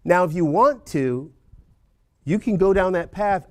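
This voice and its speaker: A man's voice: high voice, big pitch swings, normal speed, darkish tone. A man teaching a class of real estate agents in a loose, conversational way, often checking in with "right?" over a video call. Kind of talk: informal lecture to agents.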